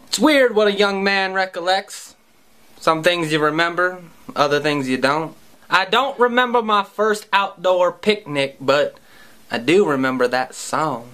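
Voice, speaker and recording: High, bright-voiced man telling wry stories. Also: measured pace. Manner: wry, profane and self-mocking. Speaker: musician and vlogger. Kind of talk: comic personal storytelling.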